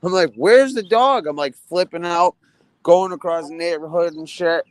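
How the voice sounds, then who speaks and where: A man's voice: fairly high pitch, moderate pace, smooth, no echo. A man in casual conversation, telling a rambling story full of swearing and laughter. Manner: profane, laughing, animated storyteller.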